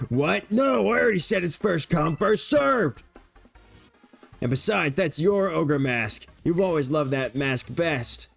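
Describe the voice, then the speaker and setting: Shrill bossy teen girl squawking back, swoops way up high, a guy putting it on. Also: lively intonation, measured pace, creaky, fairly bright tone, faint music behind, heavily acted. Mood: indignant. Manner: shrill, squeaky, protesting. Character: bossy indignant teenage girl.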